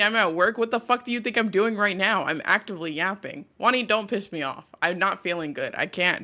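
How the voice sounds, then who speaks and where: A woman's voice: fairly low pitch, sharp tone. A woman VTuber host chatting casually with her live chat, talking through a sore throat as she comes down sick, swearing freely as she greets viewers. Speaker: VTuber streamer.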